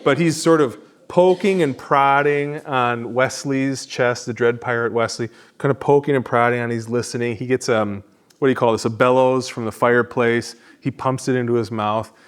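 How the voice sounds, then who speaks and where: A pastor leads an adult class with an easy, conversational delivery and keeps poking fun at himself. His voice sits at a middle pitch for a man. He sounds like he is talking to a small group in a church classroom. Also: steady tone, moderate pace, smooth. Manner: conversational, self-deprecating. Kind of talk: teaching an adult education class.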